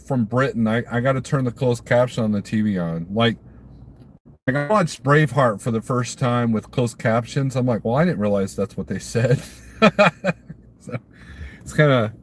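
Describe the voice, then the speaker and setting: A man from Missouri hosts a loose live stream, answering chat in a rambling, easygoing way. His voice sits in an ordinary male middle pitch, and he often chuckles at his own jokes. Faint noise hums in the background. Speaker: trucker livestreamer.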